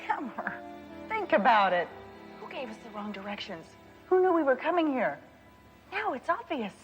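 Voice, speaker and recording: An actress playing a calm, sharp-witted woman police detective who lays out the case matter-of-factly. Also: sits high, normal speed, faint music behind, poor audio. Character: level-headed woman detective, adult.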